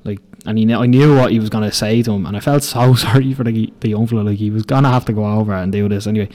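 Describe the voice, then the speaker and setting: Speaking quickly in a fairly low, dark voice with fairly even intonation, a twentysomething Irish podcast host spins rambling, crude building-site stories. He laughs throughout this casual storytelling.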